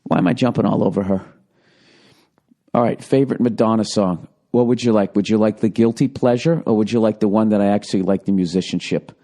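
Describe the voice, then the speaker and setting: A man's voice: lowish voice, fairly quick, dark tone. A man hosting his podcast from home, ranting sarcastically with lots of swearing in a rambling comedic monologue, recorded on a handheld digital recorder. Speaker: podcast host.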